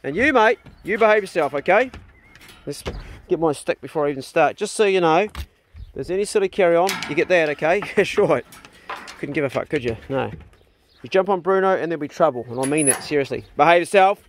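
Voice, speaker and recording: A middle-aged man with a New Zealand accent talking in a casual family vlog on his rural land, blunt and easygoing, calling loudly to his dogs. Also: a little high, fast, slight background noise. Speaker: vlogger. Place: outdoors on a rural property.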